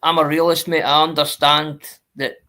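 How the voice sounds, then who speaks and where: A man's voice: fairly high pitch, little pitch movement, moderate pace, pushed and bright. A man, a guest on a casual live-stream chat, earnest and swearing, calling people mate.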